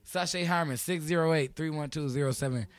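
Rowdy joking Chicago radio host. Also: male voice, fairly high pitch, brisk. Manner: rowdy, joking, slangy, talks over friends. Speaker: community radio show host. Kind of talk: loose call-in radio banter. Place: small radio studio.

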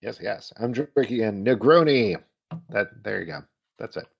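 Playful gravelly man hosting a stream. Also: on the low side, animated, normal speed. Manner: playful, teasing, laughs easily. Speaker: podcast host reading viewer questions. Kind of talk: casual live-stream chat.

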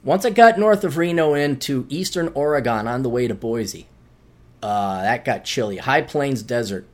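Male podcast host, fairly high voice, loose and rambling, plugging and storytelling solo. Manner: rambling and animated, with jokey asides. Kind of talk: casual solo podcast monologue.

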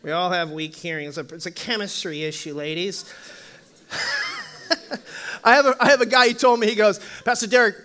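A male pastor preaching a humorous sermon in church, telling animated stories and acting out voices with frequent laughter. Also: high-pitched, moderate pace, long pauses. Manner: animated storytelling, acts out voices, laughs often.

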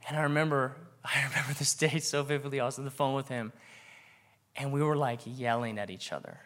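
A man's voice: medium pitch, fairly quick, a bit bright. A man in his thirties preaching a sermon, earnest and building to emphatic exhortation. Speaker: pastor.

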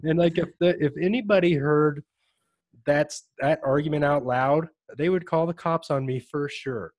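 A male podcast host in an easygoing conversation, his voice sitting a touch high for a man. He talks in an animated way, laughs a lot and slips into playful put-on voices. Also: moderate pace, no room sound. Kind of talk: casual chat.

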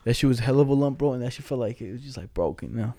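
A young man spins loose, profane stories among friends, full of slang and laughter. His voice is mellow and dark in tone. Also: mid-range voice, expressive, rapid-fire, no room sound. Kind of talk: casual chat.

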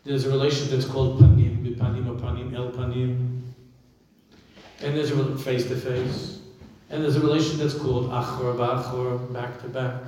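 A man, a rabbi, giving a sermon full of stories, swinging from loud emphasis to quiet asides. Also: mid-range voice, flat delivery, normal speed, slight background noise. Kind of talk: sermon with storytelling. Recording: echoey hall, speaker far from mic.

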